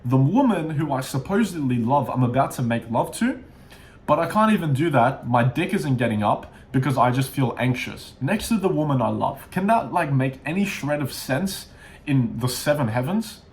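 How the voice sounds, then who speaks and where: A man's voice: medium pitch, animated, moderate pace. A young man telling a candid personal story to camera, raw and confessional, with frequent swearing and restarts. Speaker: self-improvement vlogger.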